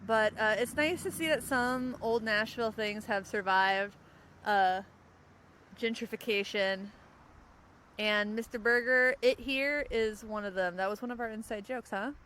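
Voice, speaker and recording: A young woman hosting a podcast in casual chat, rambling and quick to laugh. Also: a little high, a bit bright, low-quality recording. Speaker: podcast host. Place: outdoors, in a parked car.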